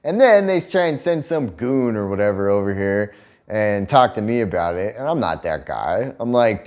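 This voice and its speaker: A man's voice: lowish voice, moderate pace. A man in his thirties, casually telling a story on a couple's vlog, swearing freely and laughing as he goes. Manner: profane, animated retelling with laughter. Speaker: vlog co-host.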